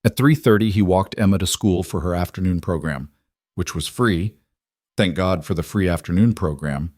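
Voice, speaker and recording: A man narrating a scripted story in a steady, plain manner. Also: deep voice, moderate pace, no room sound, clean studio sound.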